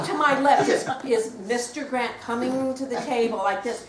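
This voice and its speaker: A woman in her sixties, a guest author telling anecdotes to a live audience at a bookshop, animated and acting out voices as she goes. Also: fairly high pitch, moderate pace, hardly any pauses. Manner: animated, acts out quoted voices, laughs while telling. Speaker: guest author at a book talk. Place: bookshop event room. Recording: roomy, distant mic, faint noise.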